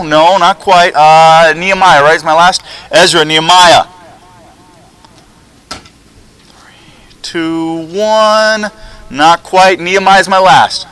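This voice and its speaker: Upbeat male teacher, bright voice. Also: on the high side, low-quality recording. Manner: upbeat, coaching, quick back-and-forth with students. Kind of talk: classroom lesson. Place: school classroom.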